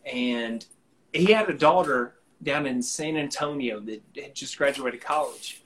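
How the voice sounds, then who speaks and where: A man's voice: medium pitch, unhurried, slight background noise, rough recording. Laid-back Alabama-accented man telling a story. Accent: Alabama Southern US. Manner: relaxed, rambling, with many fillers and restarts. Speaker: guest musician. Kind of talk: casual storytelling.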